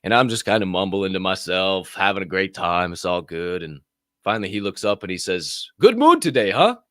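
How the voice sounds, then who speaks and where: A middle-aged man co-hosting a podcast, telling stories casually with lots of swearing and loud acted-out quotes. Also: low-pitched, a little fast, clear, resonant tone, no echo, studio quality. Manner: animated, profane, acts out other people's voices loudly. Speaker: podcast co-host. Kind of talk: casual storytelling.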